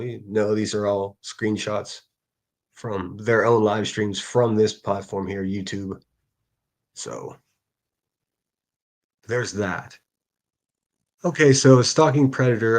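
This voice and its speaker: Guy on a solo livestream, kinda low voice, mocking and cussing at comments he reads out. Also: a little mellow. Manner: sarcastic, profane, reading out and mocking comments. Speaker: livestream host. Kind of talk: casual livestream rant.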